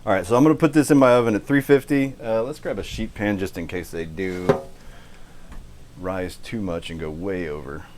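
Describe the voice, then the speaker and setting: A man's voice: sits low, moderate pace, a little mellow, a little hiss or hum. A man hosting a cooking livestream, chatting casually while he cooks, thanking viewers by name, swearing lightly and cutting himself off mid-sentence, all in a put-on accent he keeps up throughout. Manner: frequent self-interruptions and light swearing; puts on an unnamed accent for the whole stream. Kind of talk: casual live-stream chat while cooking.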